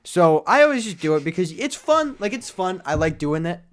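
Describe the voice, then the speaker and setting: A young man cohosting a podcast, telling jokey stories in casual chat that drop to quiet mumbles and swing back up loud. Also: high voice, brisk. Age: young adult. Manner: animated storytelling, jokey, trails into mumbles. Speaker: podcast co-host.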